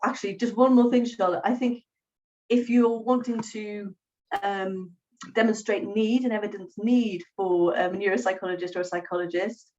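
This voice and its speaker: A woman, a psychologist hosting a webinar, speaking in a measured way with many pauses over a video call. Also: medium pitch, fairly even intonation, darkish tone. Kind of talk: professional discussion on a video call. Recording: distant, dull lo-fi call audio.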